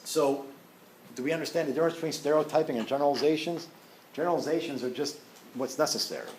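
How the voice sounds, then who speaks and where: Heard from far off through a room mic, in a very echoey lecture room with faint hiss, a man teaches ethics. His voice is fairly high, a little mellow, and he talks fast. He keeps it casual, telling personal stories and tossing in lots of "you know" and "right?".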